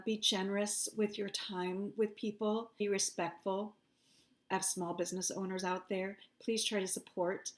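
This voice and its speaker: Animated and quick to laugh, a female psychic medium chats informally with her audience, her voice rising sharply in pitch when indignation hits.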